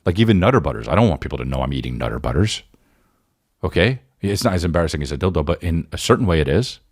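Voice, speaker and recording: Speaking fast and expressively in a very deep voice, a man in his forties rambles through his casual solo podcast with many restarts and repeated "right?". His voice is sore and worn, and the clean studio sound has no room sound.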